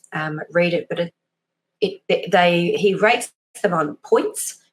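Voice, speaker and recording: A woman, a behavioural profiler chatting as an interview guest, loose and self-deprecating, acting out small examples as she explains. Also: low-pitched. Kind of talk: casual interview chat.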